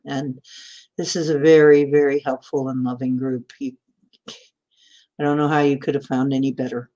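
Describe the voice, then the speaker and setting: Low-voiced midwestern lady hosting a stream, radio announcer polish, chatty, laughs a lot. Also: level tone, normal speed, highs cut off. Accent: flat Midwestern American, announcer style. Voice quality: radio-trained announcer delivery. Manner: chatty and warm toward viewers, laughs often. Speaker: host of a spiritual livestream. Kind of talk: casual livestream chat reading viewer comments.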